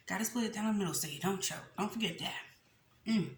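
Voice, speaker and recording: A woman's voice: mid-range voice, quick pace. A young woman hosting a mukbang, chatting casually as she eats and laughing often. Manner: chatty and animated, laughs often, addresses viewers as y'all. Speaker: mukbang host. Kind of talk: casual chat while eating on camera. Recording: echoey room with faint noise.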